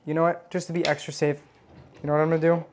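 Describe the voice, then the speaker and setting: Here the medium-pitched delivery is flat and very fast, with slight background noise. The host leads an informal cocktail demo at home, chatting playfully, making jokes about themselves and humming as they taste.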